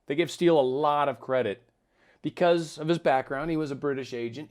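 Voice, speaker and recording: A man's voice: fairly high pitch, fairly quick, a little mellow. A man talking through political news in casual solo commentary, with wry asides, reading documents aloud as he goes.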